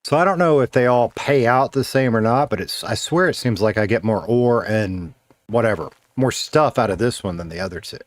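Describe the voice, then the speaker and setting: A man's voice: mid-range voice, a little fast, dry recording. A man streaming a game, rambling casually, thinking aloud and chatting with his viewers through a streaming mic. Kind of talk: casual live-stream chatter while gaming. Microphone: streaming mic with noise gate.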